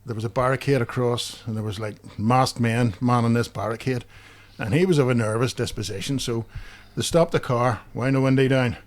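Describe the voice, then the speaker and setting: A man's voice: mid-range voice, brisk, hardly any pauses. A man with a Belfast accent, co-hosting a podcast and telling rambling funny anecdotes full of fillers. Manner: chatty storyteller with many fillers, laughs at own jokes. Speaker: podcast co-host. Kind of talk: casual anecdotal chat.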